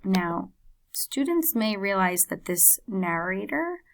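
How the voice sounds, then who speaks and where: A woman presenting a reading lesson plan as a teacher, explaining in a measured way with occasional fillers. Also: medium pitch, big pitch swings. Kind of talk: instructional presentation.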